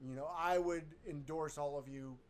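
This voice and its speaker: A man's voice: a little high, steady tone, moderate pace. Dry-joking man on a comedy chat show. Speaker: podcast co-host. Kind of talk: casual chat.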